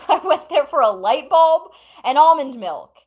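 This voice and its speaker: A woman's voice: high voice, expressive, normal speed, a little mellow, poor audio. A woman streamer at home telling chat a long story in a casual, rambling way, breaking off to talk to chat and her pets.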